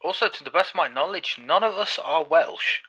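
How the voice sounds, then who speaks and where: Lively, jokey man on game chat. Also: on the high side, breathy edge, muffled recording. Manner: jokey, quick to quip. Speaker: player. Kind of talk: gaming voice chat.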